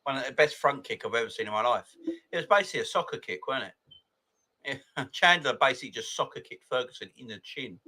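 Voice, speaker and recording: Host: excitable man in his forties, bright forceful voice, casual live-chat energy. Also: medium pitch, quick pace. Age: 40s. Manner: excitable, laughs often, greets viewers by name. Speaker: football fan channel host. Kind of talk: casual live chat reading viewer comments.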